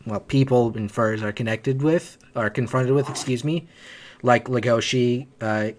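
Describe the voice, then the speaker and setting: A man of ordinary pitch puts a question to a guest on a casual live stream. He hesitates and keeps correcting himself mid-sentence. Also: a little slow. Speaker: panelist asking questions.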